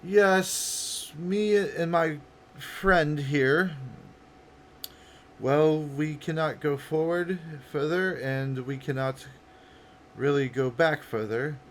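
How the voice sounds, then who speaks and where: A man's voice: fairly high pitch, fairly even intonation, very slow, slight background noise, pitched above the performer's own voice. A man voicing a suspicious, commanding woman who calls down from a platform. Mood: guarded. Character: wary woman calling down from a platform.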